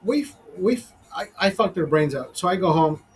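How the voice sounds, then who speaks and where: A man's voice: high-pitched, expressive, fairly quick, slight background noise. A man from Honduras telling a crude story in a casual livestream chat, swearing constantly and laughing at his own jokes. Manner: crude, profanity-heavy storytelling, laughs often. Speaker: livestream host.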